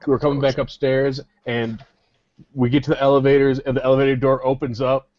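A man co-hosting a podcast, telling a story in a halting way with many fillers. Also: mid-range voice, flat delivery, slight background noise. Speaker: podcast co-host. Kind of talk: casual chat. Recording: dull lo-fi sound.

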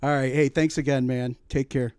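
A man hosting a radio show, interviewing a guest in an easygoing, halting way with many fillers. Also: medium pitch, flat delivery, a little mellow, smooth, no room sound, studio quality. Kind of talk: casual interview chat.

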